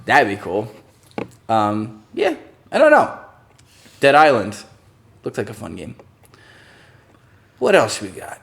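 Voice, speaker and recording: A man's voice: medium pitch, huge pitch swings, takes it slowly, gravelly, pauses often, a bit bright. Chatty man hosting a live stream. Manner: chatty, laughs often, jokey. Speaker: host of a channel live stream. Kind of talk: casual live-stream chat.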